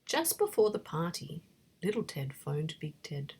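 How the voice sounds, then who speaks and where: A woman reading a bedtime story in a soft, breathy whisper. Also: low-pitched, expressive, a little slow.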